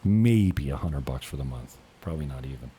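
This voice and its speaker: Brief: man, 50s, casual vlog host, deep relaxed voice, rambling and profane, chuckles a lot. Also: moderate pace, slight background noise. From Canada. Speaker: realtor and channel host.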